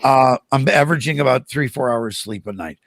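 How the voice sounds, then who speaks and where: An older man, a guest on a podcast, telling animated stories in casual conversation and acting out the voices of the people in them. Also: mid-range voice, a little fast, no room sound. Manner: animated anecdotes with acted-out quotes. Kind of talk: casual storytelling interview.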